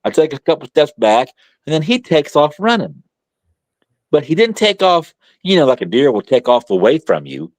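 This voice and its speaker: A middle-aged man, a guest author, telling a story in casual conversation, animated and colloquial with frequent restarts. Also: on the high side, normal speed, dry recording.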